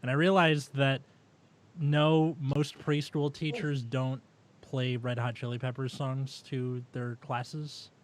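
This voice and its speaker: A man from California at a middling pitch, co-hosting a comedy podcast. He talks loosely and informally, dropping a casual "dude" and easy swearing into the chat. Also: flat delivery, slow pace, a little hiss or hum. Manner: laid-back, swears casually, says dude. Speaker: podcast co-host.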